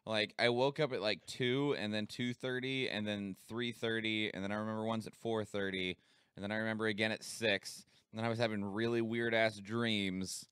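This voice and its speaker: With studio quality and no room sound, this podcast co-host tells a meandering story, peppering his casual chat with filler words. His voice is lowish, clear, resonant and fairly bright, holding a steady tone at a moderate pace.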